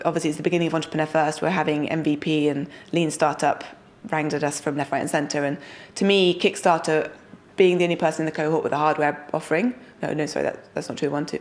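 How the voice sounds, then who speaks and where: Young woman founder: low voice, energetic, enthusiastic delivery. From United Kingdom. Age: young adult. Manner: energetic, enthusiastic, quick asides. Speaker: startup founder and guest. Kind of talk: casual interview talk.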